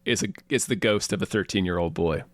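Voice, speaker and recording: A man's voice: low voice, expressive, fast talker, a bit bright, no room sound. A man co-hosting a comedy podcast, wryly recapping a show's scenes in casual chat. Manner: wry, recaps scenes and acts out quotes in funny voices. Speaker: podcast co-host.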